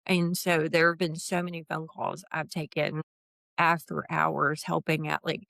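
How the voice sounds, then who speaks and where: A woman's voice: deep voice, little pitch movement, unhurried, gravelly, fairly bright tone, dry recording, clean studio sound. A woman in her fifties, a guest in a casual interview, chatting about her HR consulting work and acting out quoted dialogue with laughs. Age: 50s.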